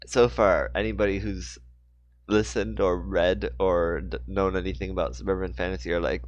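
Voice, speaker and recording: A man's voice: low voice, steady tone, a little fast, dry recording, lo-fi sound. A man reading his own book aloud in a casual way, breaking off for rambling, jokey asides.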